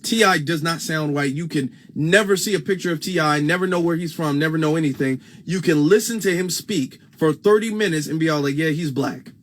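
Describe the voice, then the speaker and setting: A man's voice: a little high, a little fast, few pauses. A man with a Midwestern US accent hosting a casual livestream on a phone, emphatic and repeating his points for stress. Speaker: livestream host.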